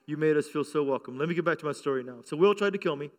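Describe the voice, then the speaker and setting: A man's voice: a little high, very fast, hardly any pauses. A middle-aged male pastor preaching a sermon, moving from a laughing personal story to fervent, rising exhortation.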